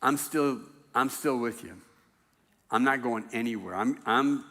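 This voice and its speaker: A man's voice: medium pitch, a little slow, a bit bright, in a large hall. A man preaching a sermon in a church, talking in a loose, conversational way with self-deprecating jokes. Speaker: pastor. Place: church sanctuary.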